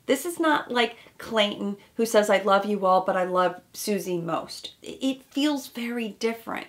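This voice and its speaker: A woman therapist giving casual, animated commentary on a reality dating show, often acting out quotes. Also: medium pitch, creaky. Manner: animated, warm analytical commentary with quoted asides.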